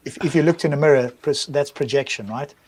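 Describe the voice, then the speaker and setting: Over a loud crowd, a male co-host argues his point in a casual live-stream discussion, firing off one rhetorical question after another. He speaks fast, in a medium-pitched voice.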